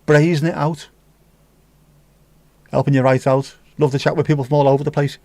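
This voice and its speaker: A man's voice: a little high, little pitch movement, a little fast, warm tone, no echo. A man hosting a livestream, chatting casually and teasing as he reads out viewer comments with sweary banter. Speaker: livestream host.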